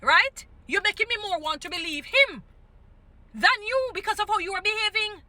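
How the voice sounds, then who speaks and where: Brief: middle-aged Jamaican woman, high, bright, sharp-edged voice, scolding commentary. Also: expressive, moderate pace, dry recording. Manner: scolding, indignant, repeats her points. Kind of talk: ranting commentary.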